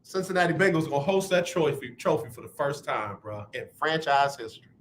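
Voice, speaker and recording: Man, sports radio host, high-pitched, bright, loud, teasing. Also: lively intonation, a little fast, a little hiss or hum. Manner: trash-talking, teasing and loud. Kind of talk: animated sports talk radio.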